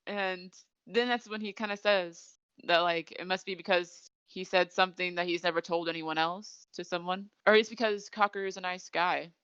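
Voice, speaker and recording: A young woman hosts a podcast, animatedly recapping an anime episode in casual chat with frequent giggles. Her voice is on the low side with fairly even intonation, normal speed, and hardly any pauses, the tone fairly bright and clean with no echo. The audio is dull and lo-fi.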